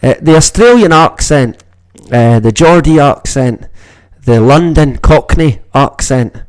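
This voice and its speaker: Slow-talking Scottish man, swearing freely. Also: a little high, lively intonation, darkish tone, smooth, no room sound. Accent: Scottish, northeast Moray. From Scotland. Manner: rambling, swears constantly. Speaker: livestream host. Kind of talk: casual livestream chat.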